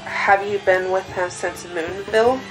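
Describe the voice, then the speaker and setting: A woman with a mid-range voice keeps earnestly asking a spirit the same questions, over and over. She is the host's daughter, speaking indoors at home. Clear music plays underneath her voice. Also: mid-range voice, fairly even intonation, a little slow, low-quality recording. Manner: earnest, asks questions again and again. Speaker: daughter of the host.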